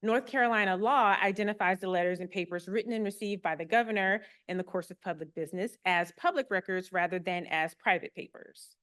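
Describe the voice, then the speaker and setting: A woman's voice: mid-range voice, fairly quick, few pauses, a bit bright. A woman archivist giving a public talk to a live audience, friendly and explanatory with a light touch of humor.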